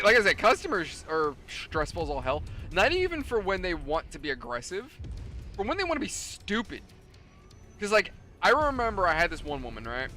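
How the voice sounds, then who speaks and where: A man's voice: a little high, bright, forceful tone. A man with a New York accent chatting casually during a game stream, telling rambling stories and swearing freely. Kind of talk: casual gaming chat.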